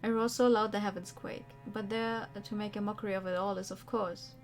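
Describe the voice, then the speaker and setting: A woman streamer reads a game's story aloud with theatrical emphasis. Her voice sits at an ordinary middle pitch, and she breaks off now and then for casual remarks. Faint music plays behind her. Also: steady tone, fairly quick. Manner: dramatic read-aloud with chatty asides. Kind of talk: reading game text aloud on stream. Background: faint background music.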